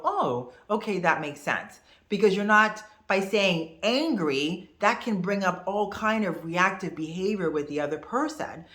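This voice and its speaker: A woman in her fifties teaching to camera in a casual, expressive, conversational way. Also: fairly low pitch, echoey room. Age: 50s. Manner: expressive, conversational, animated asides. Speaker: host.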